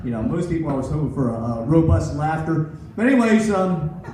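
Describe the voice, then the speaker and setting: A sixty-something comedian rambles through a self-deprecating club set, talking fairly quickly in a slightly high voice with a darkish tone. The echoey club is recorded from far away, with slight background noise.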